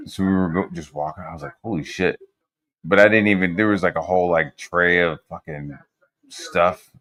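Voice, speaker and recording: A man with a fairly low voice telling a story in a loose, rambling way. He swears freely and fills his talk with casual fillers. His voice sounds dry and close. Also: steady tone, fairly quick, fairly bright tone, no room sound. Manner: rambling, profane, lots of fillers.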